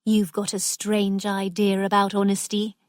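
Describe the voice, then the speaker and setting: A stern, angry middle-aged vicar, read by a woman narrating a storybook. He speaks slowly and coldly, recorded close and dry. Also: medium pitch, monotone, dry recording, lightly acted. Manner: stern and cold.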